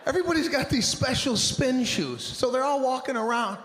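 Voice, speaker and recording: High-voiced man ranting on stage. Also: fairly quick, a little hiss or hum. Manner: animated, exasperated ranting. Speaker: stand-up comedian. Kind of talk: stand-up comedy routine. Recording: live stage with long reverb, faint ambience.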